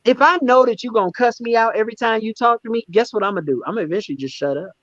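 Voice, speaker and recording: A man telling candid stories as a guest in a conversational interview, emphatic and animated, often repeating words as he restarts. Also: sits high, quick pace, dry recording, dull audio. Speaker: stand-up comedian and guest.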